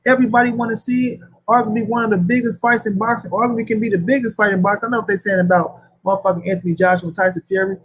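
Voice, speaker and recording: High husky-voiced man ranting. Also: fairly even intonation, rapid-fire, poor audio. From St. Louis, USA. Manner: profane, slangy, repetitive rant. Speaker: boxing commentary host. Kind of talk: casual boxing talk.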